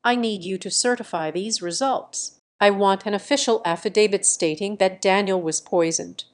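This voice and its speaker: Woman reading as a calm, resolute old father. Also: medium pitch, moderate pace, lightly acted.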